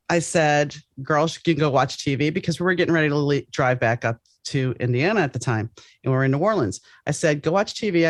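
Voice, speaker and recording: A woman hosting a podcast, chatting casually in a rambling, animated way with many restarts. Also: low voice, dry recording. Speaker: podcast host. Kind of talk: casual interview chat.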